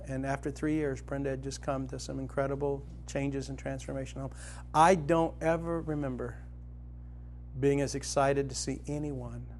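A middle-aged man preaching a sermon, telling a personal story and retelling a parable, rising to loud excitement in the vivid parts and dropping soft in the tender ones. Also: a little hiss or hum. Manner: storytelling, grows animated and loud when dramatizing, soft and low when tender.

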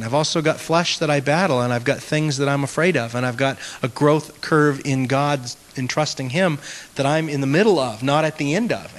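Male pastor, slightly high voice, earnest and self-mocking, long hall reverb. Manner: earnest, animated storytelling with self-mocking humor. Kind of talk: conversational teaching talk to a group.

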